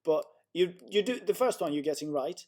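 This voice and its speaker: A young man gives a one-on-one language lesson over a video call. His voice is mellow and dark and sits a little high for a man. He explains patiently, stopping and restarting often with fillers. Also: lively intonation, moderate pace. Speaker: Chinese tutor.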